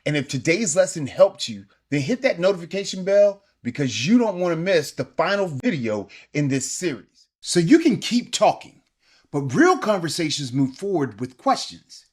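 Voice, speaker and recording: In a scripted video lesson, a language teacher encourages and coaches her students, mixing English with Spanish phrases and slowly repeating sample sentences. Her mid-range voice has big pitch swings and a breathy edge.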